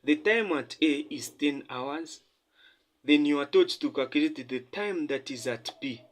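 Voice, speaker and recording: Male tutor with a slightly high voice, talking through a sketch, repetitive and emphatic, keeps checking the class follows. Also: a little slow. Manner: repetitive, quizzing listeners with "the what?" and "have you seen?"; emphatic, stressing points by repeating them. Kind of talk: math lesson at a whiteboard.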